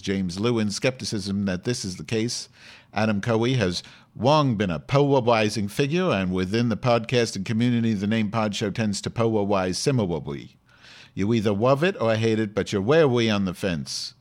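A man playing a brash, short-tempered woman podcast host who rants sarcastically and swears at the listeners. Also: sits low. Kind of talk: comedic podcast monologue.

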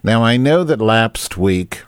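A man's voice: fairly low pitch, animated, slow, clear, resonant tone, no room sound. A man hosting a live online talk show alone at his mic, rambling, teasing and crude. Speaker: host. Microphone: desk microphone.

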